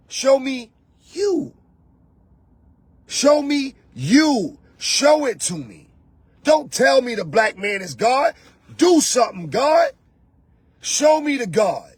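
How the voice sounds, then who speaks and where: A very high, husky, sing-song male voice moves at an unhurried pace in a dry recording. The man hosts a show as a spiritual coach, giving an emphatic motivational monologue with repeated phrases and rhetorical questions spoken straight to the listener.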